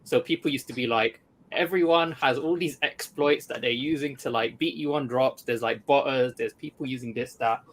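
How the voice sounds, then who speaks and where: Man telling animated stories. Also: medium pitch, normal speed, a little hiss or hum. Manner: animated storytelling, many "like"s. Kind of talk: casual chat.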